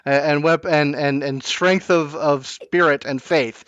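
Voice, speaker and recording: A man running a tabletop game as game master, narrating in halting bursts with many restarts. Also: fairly high pitch, steady tone, a bit bright, clean tone, no room sound. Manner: halting, full of restarts and fillers. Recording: dull lo-fi online call audio.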